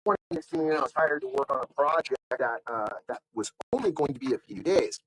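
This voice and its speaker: A man hosting a live online show tells a long, rambling story, full of fillers and restarts, and animatedly acts out the other people's lines. His mid-range voice moves a little fast over a low-quality recording with some hiss or hum.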